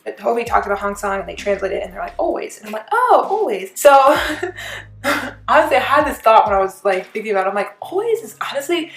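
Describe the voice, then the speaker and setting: A woman hosting a casual reaction vlog, speaking in an animated way, breaking into laughs and loud exclamations. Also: mid-range voice, fast talker, vocal fry. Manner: animated, bursts into laughter and shouting. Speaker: reaction channel host. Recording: echoey room with faint music.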